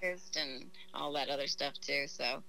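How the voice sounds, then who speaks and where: A woman from New Jersey, a guest on a podcast, chatting casually and making wry, deadpan jokes. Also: extremely low pitch, normal speed, vocal fry, no echo, low-quality recording. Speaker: guest comedian. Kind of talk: casual interview chat.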